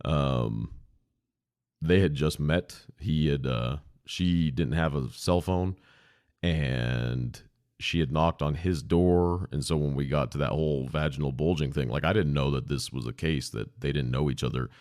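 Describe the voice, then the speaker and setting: A man's voice: rumbling low, unhurried, a little mellow, no echo, studio quality. A man hosting a podcast, telling stories about past emergency calls in a casual, blunt way with some swearing. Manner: blunt, profane, laid-back. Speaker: podcast host, former emergency dispatcher. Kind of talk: casual anecdotal storytelling. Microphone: podcast microphone.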